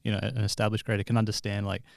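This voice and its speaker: A man's voice: lowish voice, level tone, very fast, gravelly, no room sound, clean studio sound. A man hosting an interview podcast, asking long, wordy questions. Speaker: podcast host.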